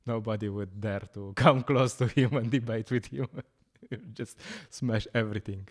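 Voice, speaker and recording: A man giving a scripture class, telling stories in an animated way, often laughing and pausing with fillers. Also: fairly low pitch. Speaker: lecturer at a temple program.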